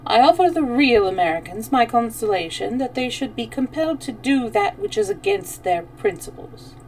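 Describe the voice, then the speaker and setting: A woman voicing a melancholy middle-aged Chinese gentleman who speaks slowly and measures his dry questions. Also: fairly high pitch, big pitch swings, recorded from a distance, slight background noise, voice pushed up, poor audio. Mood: measured. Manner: slow and measured, dryly questioning.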